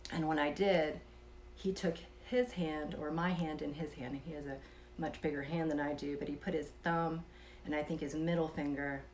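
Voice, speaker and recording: Soft-spoken low-voiced woman storyteller. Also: fairly even intonation, moderate pace, slight background noise. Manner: soft-spoken, drifting into whispers, chuckling between thoughts. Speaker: vlogger telling a personal experience. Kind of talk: casual storytelling.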